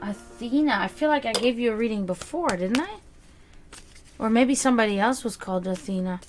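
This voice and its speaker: Woman, German accent, psychic tarot reader, rambling, warm pet names, live stream. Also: a little high, brisk, soft background music. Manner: rambling, filler-heavy, affectionate.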